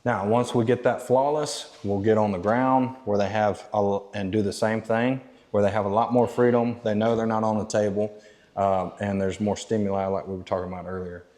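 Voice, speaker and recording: A man working as a dog trainer, explaining steps plainly and giving short, quiet commands to a dog indoors. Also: fairly low pitch, fairly even intonation, moderate pace, big-room sound. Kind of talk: instructional training demo.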